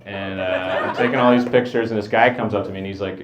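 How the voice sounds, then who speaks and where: A young man doing a stand-up set on a club stage into a handheld mic, rambling with self-mocking asides and pauses for punchlines. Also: lowish voice, fairly even intonation, dull audio, background noise. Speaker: stand-up comedian. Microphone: handheld wired mic. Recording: live club audience laughter.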